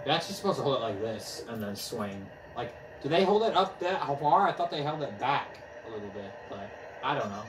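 A young man giving casual commentary on a motion game he is playing, excitable and trash-talking, out of breath as he swings a controller. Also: mid-range voice, brisk, noisy background. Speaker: gaming vlogger. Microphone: camera mic from a few steps away. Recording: echoey room, distant from mic.

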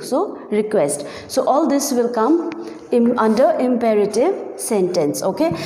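A woman explaining grammar in an online class, her voice a touch high and mellow. She keeps pausing to ask questions and to check in with the class. The sound is roomy, with a long echo trailing her words. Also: expressive. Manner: patient, repeats "okay" and "you know" often, asks questions to the class. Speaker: teacher. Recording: echoey room with long reverb.

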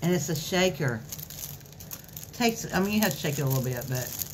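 Brief: low-voiced woman vlogger, gushy and folksy, soft packaging crinkle behind her. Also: animated, normal speed, slight background noise. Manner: gushing, chatty and folksy. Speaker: craft vlogger. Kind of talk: casual haul video chat. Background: faint crinkling of plastic packaging.

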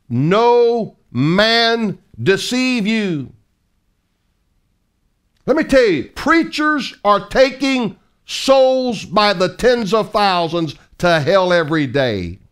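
A man's voice: sits high, fairly bright tone. A middle-aged man preaching a fiery sermon as an evangelist, emphatic and mocking, full of rhetorical questions.

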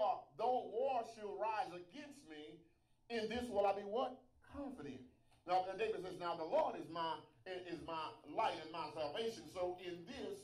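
A man's voice: sits high, reverberant, low-quality recording. A man preaching a sermon, asking rhetorical questions and restarting his sentences. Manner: call-and-response questions, stammering restarts.

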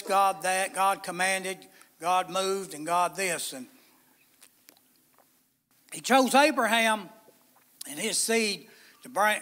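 A bright-toned, fairly high-voiced man preaching in a church sanctuary. He talks in a folksy, plainspoken way, reading scripture and explaining it in everyday terms. The sound carries a long church reverb. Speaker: pastor. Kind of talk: midweek sermon.

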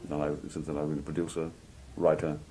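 A man from Liverpool with a very low, deep voice talks through his career as a broadcaster, spinning anecdotes with a raconteur's flair. He slips into other people's voices when he quotes them, and a faint hum sits under the recording. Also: completely flat delivery, fast talker, dark tone. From Liverpool, England. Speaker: television announcer being interviewed. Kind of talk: relaxed anecdotal interview talk. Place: outdoor country fair at a cricket ground.

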